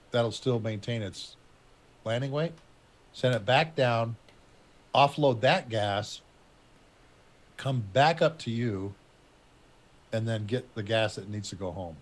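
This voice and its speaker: A man in middle age tells a war story at an easy, conversational pace. His voice sits a little low. He wanders through the details and stops now and then to search for names. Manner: rambling, conversational, pauses to recall names. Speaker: retired Air Force officer telling a war story. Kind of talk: casual storytelling.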